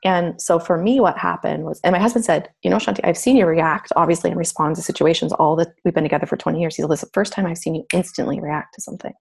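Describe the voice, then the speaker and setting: Husky, gravelly middle-aged woman. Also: lowish voice, fast, few pauses, a little mellow. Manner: reflective, acts out remembered voices. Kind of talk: candid personal storytelling.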